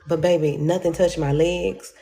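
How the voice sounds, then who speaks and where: A woman telling a personal story to her viewers in a casual, animated way, acting out the voices of the people in it. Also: on the low side, normal speed. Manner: animated, acts out quoted voices, addresses viewers as y'all.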